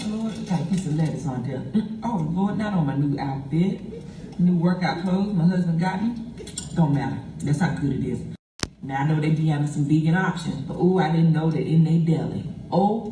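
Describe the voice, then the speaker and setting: A woman filming herself in her car, reviewing a sandwich with exuberant, drawn-out, gospel-style exclamations, speaking with her mouth full at times. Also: on the low side, mellow, slight background noise. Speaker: food video creator. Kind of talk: casual selfie food review. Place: in a car, clip replayed in a meeting hall. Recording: video played over hall speakers, echoey from far off.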